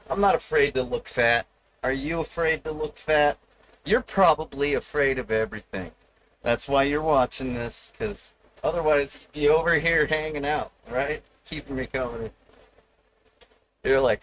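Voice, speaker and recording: A man's voice: a little high, animated, a little slow, gravelly, long pauses, fairly bright tone, a little hiss or hum, rough recording. A man streaming live, rambling and profane as he teases his viewers. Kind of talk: casual live stream chat.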